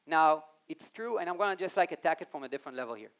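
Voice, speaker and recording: A man giving an animated live talk on a conference stage, speaking straight to the audience and acting out quoted voices. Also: fairly high pitch, quick pace, clean tone. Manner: animated, addresses the audience directly.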